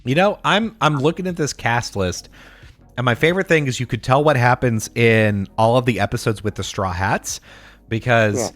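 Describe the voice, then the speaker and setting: A man co-hosting a casual podcast chat, talking in a measured, analytical way with dry humor. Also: medium pitch, a bit bright, no echo, faint music behind. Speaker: podcast co-host.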